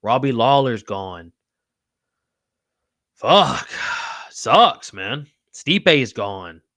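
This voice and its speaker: A man's voice: mid-range voice, big pitch swings, extremely slow, fairly bright tone, no room sound, studio quality. A man hosting a casual livestream podcast, reading chat aloud in a loose, slangy, profane way. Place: home room with wall signs.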